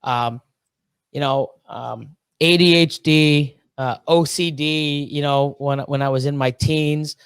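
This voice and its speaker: A man in his thirties from Canada chats as a podcast guest in a slightly high voice. He is excitable and rambling, peppering his talk with swearing, fillers and restarts. The sound is close and dry. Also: takes it slowly, smooth, no room sound. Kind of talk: casual chat.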